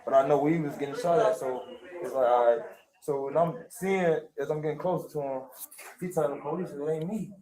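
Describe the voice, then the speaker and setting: Animated man telling a story. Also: fairly high pitch, brisk, low-quality recording. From Chicago. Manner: animated, profane, slangy. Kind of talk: casual storytelling.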